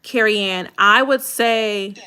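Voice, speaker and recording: Bright, direct woman coach on a livestream. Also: mid-range voice, slow pace, smooth. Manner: direct, colloquial, animated. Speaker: content creation coach. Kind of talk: livestream video critique.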